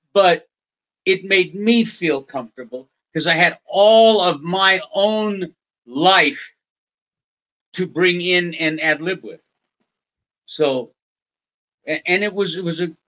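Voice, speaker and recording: In a rough recording, a forceful, bright, higher-pitched male voice belongs to an older podcast guest from the United States. He spins rambling anecdotes in a casual interview, restarting frequently and imitating the people he quotes with put-on voices.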